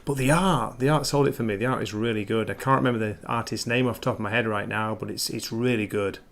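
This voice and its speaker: A man on a stream panel calmly giving his opinion on a comic he liked. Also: on the low side, quick pace. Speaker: panel guest. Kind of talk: casual comic-book review chat.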